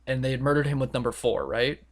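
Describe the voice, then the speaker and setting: Young male podcast co-host, mid-pitched, casual and rambling, acts out quotes. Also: fairly even intonation, fast talker. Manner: rambling, filler-heavy retelling with quoted voices.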